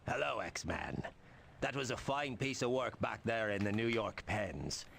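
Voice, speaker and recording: A man's voice: lowish voice, expressive, a little slow, vocal fry, a bit bright, slight background noise, exaggerated voice. An actor playing a friendly male ally who greets the heroes, with a forced, unconvincing Irish accent, in video game voice acting.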